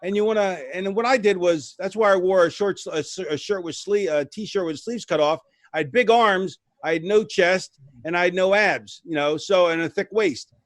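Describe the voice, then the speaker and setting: Casting: man, high voice, dry close sound, rambling anecdote-teller, loose and casual. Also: moderate pace, dry recording. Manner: rambling, restarts, lively retelling with voices. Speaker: retired wrestler guest. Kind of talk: casual storytelling.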